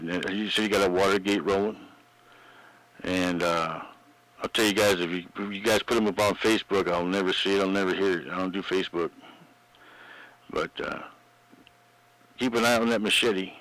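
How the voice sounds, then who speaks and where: A man's voice: sits low, a bit bright, no echo, poor audio. A man chatting casually over a CB radio, with a folksy, drawling way of talking. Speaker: CB radio operator. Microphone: radio base station mic.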